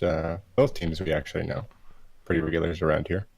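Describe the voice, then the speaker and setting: A man's voice: low voice, fairly even intonation, brisk, creaky, a little mellow. A man co-commentating a live online tournament, laid-back with dry remarks, on a slightly noisy mic. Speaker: co-caster.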